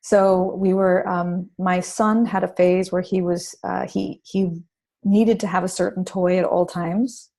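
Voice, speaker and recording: Brief: female parenting author guest, warm mellow tone, chatty storyteller, lots of restarts. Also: on the low side, a little slow, creaky. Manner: animated storytelling with many restarts and fillers. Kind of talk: casual interview conversation.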